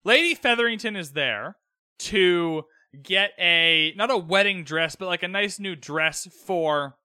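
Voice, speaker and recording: A man's voice: high-pitched, unhurried, pushed and bright, smooth, no room sound, studio quality. A young man hosting a casual solo podcast, rambling and opinionated with exasperated asides. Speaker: podcast host recapping a TV episode.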